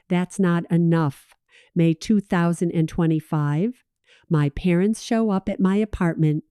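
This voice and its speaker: Woman in her thirties as first-person storyteller, slow and even, clear voice, dry recording. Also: fairly low pitch, dry recording. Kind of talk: scripted story narration.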